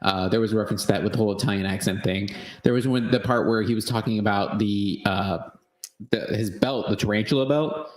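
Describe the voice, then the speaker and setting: A man with a fairly low voice talks through a film in a loose, rambling way, stacking up fillers and restarts. His sound bounces around an echoey room, and he swears without a second thought. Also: fairly quick. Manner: swears freely. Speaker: podcast co-host. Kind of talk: casual movie-review chat.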